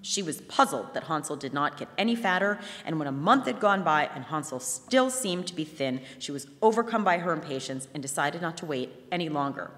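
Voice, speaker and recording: A woman reads a fairy tale aloud at a live museum event, telling it in an animated way. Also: sits low, a little fast, few pauses. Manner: animated storytelling. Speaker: reader. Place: museum hall, before an audience. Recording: long hall reverb.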